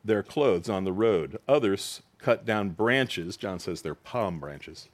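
A man preaching a sermon in a conversational, expressive way, rising high for quoted lines and dropping low for emphasis. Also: slow pace. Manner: conversational, with asides and laughs. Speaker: pastor.

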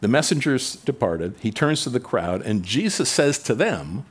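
A man preaching a conversational sermon, asking the crowd rhetorical questions and dropping his voice low when quoting scripture. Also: very animated, moderate pace, few pauses, breathy edge. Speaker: pastor. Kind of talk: expository sermon.

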